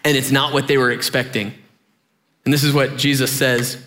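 A young adult man preaching a sermon as pastor, conversational and animated, using many fillers and acting out voices. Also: moderate pace. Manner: animated, conversational, acts out voices with big pitch jumps; filler-heavy, says "like" often.

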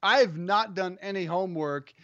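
A man's voice: sits high, normal speed, a bit bright, no echo. A man co-hosting a casual sports show from home, bantering in a playful, self-mocking way. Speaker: co-host. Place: home studio. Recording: dull lo-fi remote audio.

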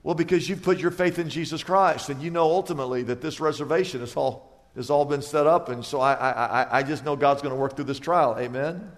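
Man preaching with high bursts in a hall. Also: brisk. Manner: dynamic preaching with sudden high, loud bursts; acts out little dialogues for illustration. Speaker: pastor. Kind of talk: sermon.

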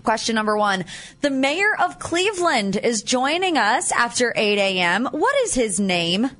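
A woman co-hosting a radio morning show, running a quiz game in a quick, upbeat way and laughing easily. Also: a little high, very animated, a bit bright. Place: radio studio. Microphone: studio mic.

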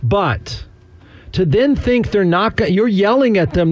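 A man's voice: high voice, lively intonation, normal speed, no echo. Sarcastic, chuckling male radio host. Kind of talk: casual talk radio commentary.

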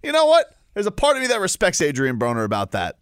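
A man's voice: high voice, huge pitch swings, fast talker, clear, resonant tone, dry recording, clean studio sound. A man co-hosting a sports talk show, bantering casually and ranting with mock outrage. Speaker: sports radio co-host.

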